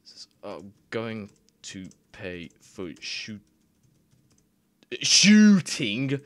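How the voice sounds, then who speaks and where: A man's voice: lowish voice, fairly even intonation, slow, fairly bright tone. A young man giving casual, rambling commentary on his screen, laughing often and swearing freely. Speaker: YouTuber.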